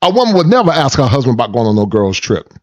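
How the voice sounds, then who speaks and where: A man's voice: medium pitch, very animated, fast talker, darkish tone, muffled recording. A man hosting a reaction commentary, preachy and repetitive, mocking the people he reacts to. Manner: preachy, repeats words, mocking impressions. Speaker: commentary channel host reacting to clips.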